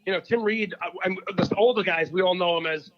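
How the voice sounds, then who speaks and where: A man's voice: sits high, a little fast. A man chatting as a guest comedian, rambling and jokey as he plugs his work. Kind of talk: casual chat. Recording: dull lo-fi sound.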